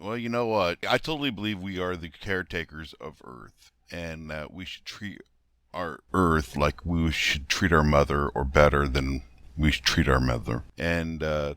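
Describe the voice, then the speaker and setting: A man's voice: rumbling low, moderate pace, fairly bright tone, no room sound. A man giving angry, mocking reaction commentary, exasperated and swearing as he rebuts a video.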